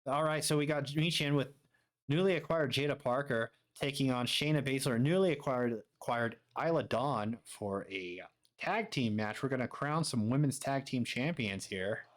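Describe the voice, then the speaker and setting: A man giving quick, offhand commentary as he plays a wrestling management game. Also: mid-range voice. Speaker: gaming streamer.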